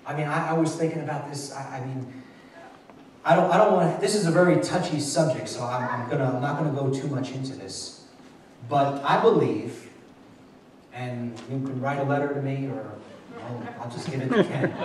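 A man's voice: medium pitch, moderate pace, pauses often, noisy background. Male pastor, plain talking sermon style with restarts; recorded from afar in a very reverberant church room. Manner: conversational and repetitive, with frequent restarts. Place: church hall at a midweek Bible study. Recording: echoey church room, mic far off.

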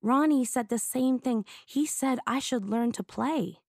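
An eager young girl with big dreams, as a woman reader puts her on, talking earnestly and a touch higher than the narration. The recording is dry and close. It plays as an audiobook scene. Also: unhurried, darkish tone, no echo.

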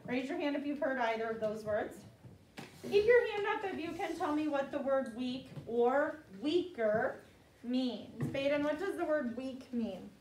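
Expressive and unhurried, this elementary school teacher has a high-pitched, slightly mellow voice, with a little hiss or hum on the track. She patiently drills a classroom of children on vocabulary through call-and-response, repeating words often, recorded far off in an echoey room.

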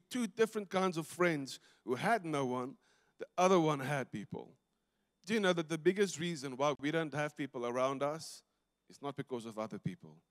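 A South African pastor preaches in a fairly high voice, telling stories and swinging from loud bursts down to near-hushed moments. The sound carries the long reverb of a church hall. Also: male voice. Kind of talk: sermon. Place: church sanctuary.

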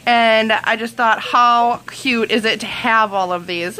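Bright-voiced wisconsin woman in her 30s, bubbly gushing show-and-tell vlog. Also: on the high side, unhurried, slight background noise. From Wisconsin, United States. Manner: gushing, giggly, chatty. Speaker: vlogger showing mail.

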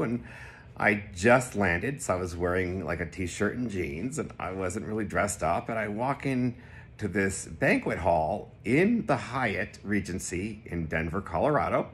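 A man casually telling a personal anecdote to the camera, animated and jumping into high voices when he quotes people. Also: unhurried. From Connecticut. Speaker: vlogger telling a personal story.

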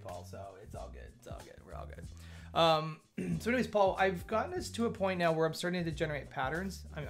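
A man's voice: on the high side, vocal fry. Man live-coding over chill music. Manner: thinks aloud, chatty asides to chat viewers. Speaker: live-stream coding host. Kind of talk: casual live coding commentary.

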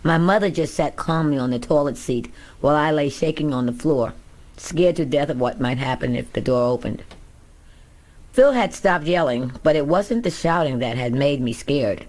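A woman's voice: low voice, moderate pace, darkish tone. Woman reading her own memoir. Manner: candid, first-person storytelling. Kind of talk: audiobook memoir narration.

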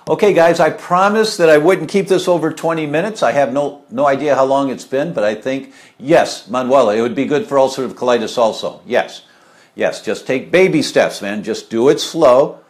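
A man's voice: medium pitch, normal speed. A middle-aged man talking casually and live about health, rambling with many fillers and asides while answering viewer questions.

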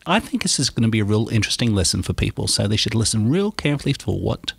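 A man's voice: fairly low pitch, very animated, creaky, slightly rough, no echo. Chatty guy hosting a podcast, voice swings up and down a lot, dead dry room. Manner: upbeat, chatty, quick to agree. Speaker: podcast co-host. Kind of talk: casual podcast chat.

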